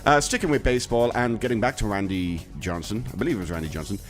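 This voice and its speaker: A man with a lowish voice hosts a comedy news podcast, rambling along in a wry, self-mocking way and tripping over his words now and then. Faint music plays underneath. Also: fast talker. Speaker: podcast host.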